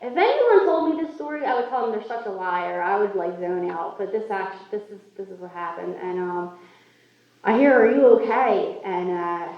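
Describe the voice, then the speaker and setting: At a recovery meeting, a woman tells her own story candidly and with self-mocking humor. Her medium-pitched voice is animated and moves at a moderate pace. The echoey hall and distant mic leave her sounding muffled.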